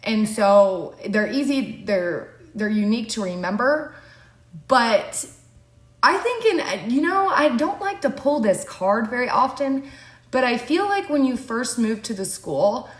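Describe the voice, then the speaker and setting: A woman's voice: fairly high pitch, expressive, unhurried. Rambling woman host in a roomy room. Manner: rambling, filler-heavy storytelling. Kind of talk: casual chat. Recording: roomy echo.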